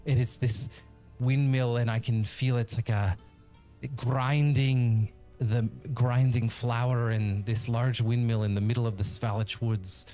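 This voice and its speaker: A man voicing a gaunt, sickly, cursed and grieving man in a tabletop game, in halting, broken, pleading speech. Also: mid-range voice, level tone, warm tone, soft background music, close to an everyday voice. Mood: haunted.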